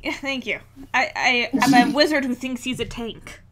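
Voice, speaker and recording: A woman playing in a tabletop game, brisk and quick to speak up for her character. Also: fairly high pitch, crowd noise. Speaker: player. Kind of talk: tabletop role-play chat.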